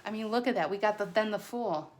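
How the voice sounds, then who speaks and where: Chatty, excitable woman reading tarot. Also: medium pitch, racing. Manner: excitable, chatty, stumbles over words. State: a little nervous on camera. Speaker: tarot reader. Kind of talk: casual tarot reading to camera.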